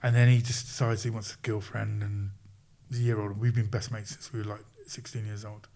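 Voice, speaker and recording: A man guest on a podcast, telling stories in an animated, casual way and acting out quoted voices. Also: fairly low pitch, a little fast. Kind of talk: casual storytelling.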